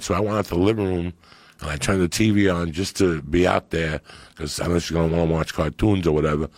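Gravelly raspy guy ranting about a movie, swears a ton, lowish voice, dry sound. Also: quick pace, no echo. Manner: animated, swearing, acts out movie quotes. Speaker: podcast guest. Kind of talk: profane storytelling.

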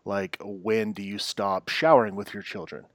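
A man's voice: lowish voice, fairly even intonation, normal speed, no room sound. A man co-hosting a casual chat podcast, hesitant with many fillers and dry humor. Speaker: podcast co-host.

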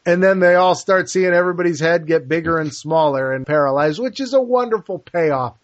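A man's voice: a little high, a little fast, no room sound. A man co-hosting a podcast in casual film discussion, enthusiastically retelling movie scenes. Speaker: podcast co-host. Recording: dull lo-fi dry sound.

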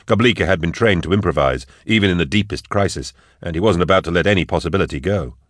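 Brief: man with a very low voice, measured audiobook narration, dry close sound. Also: no room sound. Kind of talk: scripted narration.

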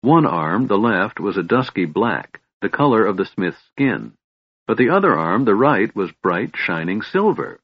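A man narrates a fantasy audiobook in a measured, steady delivery. His voice is fairly low and husky, recorded close and dry, with slightly dull audio. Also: no echo.

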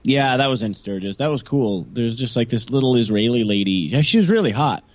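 Rambling man with a lively voice. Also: medium pitch, brisk, highs cut off. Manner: rambling storyteller, lots of fillers. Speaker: podcast co-host. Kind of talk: casual chat.

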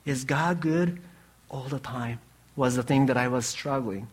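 Earnest halting male preacher. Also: medium pitch, breathy edge. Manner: earnest, halting speech with restarts and pauses. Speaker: pastor. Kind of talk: sermon.

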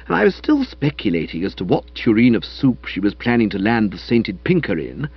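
Man reading a funny novel, husky, pitch all over the place, dry dull sound. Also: fairly quick. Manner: wry, lively, storytelling. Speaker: audiobook narrator. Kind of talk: comic novel read aloud.

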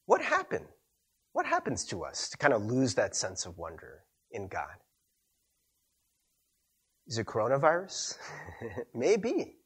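A young man preaching a sermon as a pastor, telling stories in a chatty, animated way with frequent laughs and a husky voice. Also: mid-range voice, a little slow, pauses often.

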